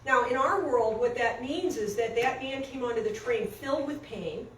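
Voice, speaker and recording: A woman telling a story in a coaching session, animated and acting out quotes, recorded off-mic in an echoey room with faint noise. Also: a little high, normal speed, distant mic.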